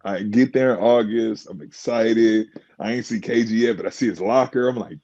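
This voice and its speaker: Mellow-voiced man telling animated stories. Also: lowish voice, moderate pace, muffled recording. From United States. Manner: animated, acts out quotes, laughs often. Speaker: guest, former pro basketball player. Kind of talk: casual storytelling in a podcast chat.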